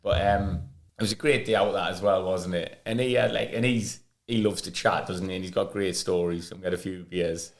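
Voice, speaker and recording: A man's voice: low voice, a little fast. Chatty man swapping football stories. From England or Wales. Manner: animated storytelling, mimics old managers. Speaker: podcast co-host, ex-footballer. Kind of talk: casual chat.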